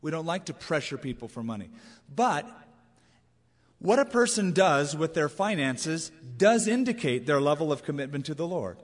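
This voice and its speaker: A man's voice: a little high, very animated, normal speed. A man preaching a sermon as a pastor, in a conversational, emphatic way with anecdotes. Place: large church auditorium. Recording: long reverb of a large hall.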